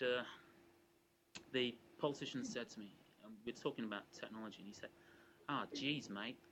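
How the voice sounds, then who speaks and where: A man giving an academic lecture to a live audience in a measured, explanatory way, often restarting his phrases. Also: mid-range voice, bright, forceful tone, lo-fi sound, slight background noise. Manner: measured and explanatory, with frequent restarts and hedging asides.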